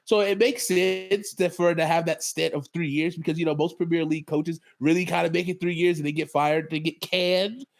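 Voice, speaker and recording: A man's voice: a little high, steady tone, fairly quick, creaky, few pauses. A man co-hosting a podcast, talking loosely and casually through a show recap, sounding tired. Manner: loose, chatty, laughs often. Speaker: podcast co-host. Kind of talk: casual chat.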